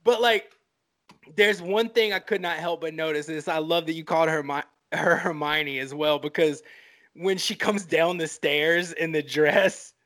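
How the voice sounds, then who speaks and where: A man's voice: a little high, steady tone, normal speed, fairly bright tone. A man co-hosting a film podcast, rambling enthusiastically with many fillers. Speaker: podcast co-host. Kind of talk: casual film podcast chat.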